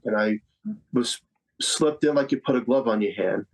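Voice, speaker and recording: Fifty-something guy from staten island, earnest storyteller, keeps repeating himself for emphasis, medium-pitched voice. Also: normal speed, rough recording. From Staten Island, New York. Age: 50s. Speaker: psychic medium guest. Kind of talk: personal storytelling in conversation.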